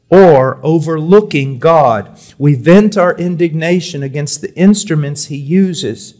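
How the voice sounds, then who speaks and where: Guy preaching, kinda high voice, goes loud then real quiet, repeats words over and over. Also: measured pace, few pauses. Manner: swings from loud emphatic reading to quiet confiding tones. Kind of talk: sermon. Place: church or conference hall.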